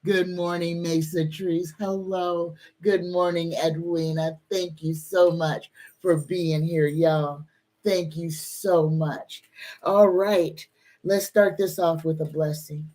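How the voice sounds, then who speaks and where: Slow-talking woman tarot reader. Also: lowish voice, steady tone, mellow. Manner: chatty, greets viewers by name, invokes spirit guides. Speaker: psychic tarot card reader. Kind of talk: live-stream tarot reading and chat.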